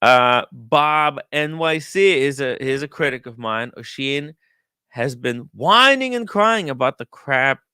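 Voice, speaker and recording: A man's voice: medium pitch, expressive, unhurried, sharp tone, clean tone, dry recording, clean studio sound. A man hosting a casual livestream, reading viewer comments in a sarcastic, profane, rambling way. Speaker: host. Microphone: close studio mic.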